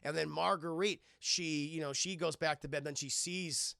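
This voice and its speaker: A man retells a film scene by scene in an excitable, profane live-stream review. His voice is high for a man, bright and gravelly, and it swings widely as he acts out the scenes. The sound is close and dry. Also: normal speed, dry recording. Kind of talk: casual spoiler review on stream.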